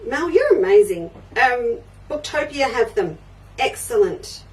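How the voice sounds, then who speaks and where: A woman's voice: a little high, big pitch swings, unhurried. Chatty older woman, mic at a distance. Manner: chatty, reads out and answers viewer comments. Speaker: quilting show host. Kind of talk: live crafting show chat.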